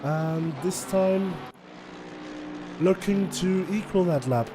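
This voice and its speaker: A man's voice: high-pitched, takes it slowly. A man giving chatty, analytical live commentary on a sim race, laughing often. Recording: noisy with race car sound behind.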